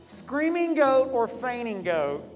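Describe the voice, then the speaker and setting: A man's voice: very high voice, sing-song, takes it slowly, faint music behind. Upbeat man hosting a game in a hall. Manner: upbeat, laughs often, teasing. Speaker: youth leader hosting a game. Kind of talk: lively game hosting to a crowd.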